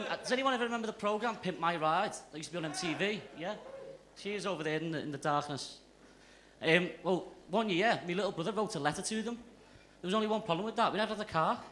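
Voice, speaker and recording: A man's voice: high-pitched, pushed and bright, a little hiss or hum. A young man with a Liverpool accent doing a stand-up set on a comedy club stage, brash and sweary in his storytelling. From Liverpool area, England. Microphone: stage mic.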